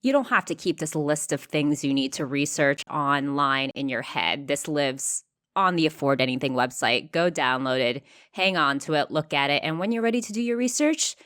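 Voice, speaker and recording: A woman co-hosting a podcast in playful, lively casual chat. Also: low voice, normal speed. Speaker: podcast co-host.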